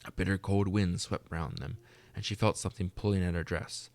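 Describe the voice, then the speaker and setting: A man narrating a classic tale in an audiobook reading. His voice sits very low with a gravelly crackle, and he keeps a measured, soft storytelling pace. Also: steady tone. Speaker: reader.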